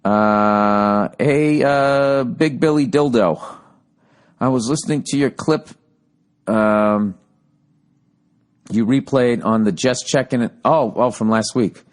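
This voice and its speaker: A man's voice: mid-range voice, slow, long pauses. A man in his forties with a Boston accent, hosting a casual solo podcast, reading listener emails and ranting with profane, sarcastic asides. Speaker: podcast host.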